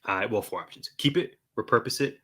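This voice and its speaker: A young man co-hosting a podcast, agreeable and quick to laugh. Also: mid-range voice, sharp tone. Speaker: podcast co-host. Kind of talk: casual chat.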